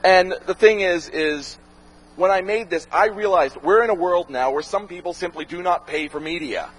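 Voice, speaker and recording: A man, a documentary filmmaker, talking casually to an audience and answering questions, animated and profane, acting out the voices he quotes. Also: sits high, normal speed, slightly rough, rough recording. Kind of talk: casual talk with Q&A.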